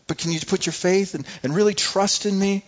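A man's voice: sits high, fairly even intonation, a little fast, voice pushed up, close to an everyday voice. A male preacher voicing a frustrated, stern Jesus in a sermon, slightly raised above his own voice. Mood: exasperated. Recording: dull lo-fi recording.

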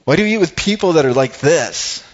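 A man's voice: on the high side, animated, fairly quick, pitched above the performer's own voice, close to an everyday voice. A man voicing indignant religious leaders scolding in a raised, outraged tone, recorded with dull lo-fi sound.

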